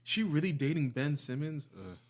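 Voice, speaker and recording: A young man co-hosting a podcast, relaxed and chiming in with eager agreement. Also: on the high side, moderate pace. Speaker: podcast co-host. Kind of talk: casual chat.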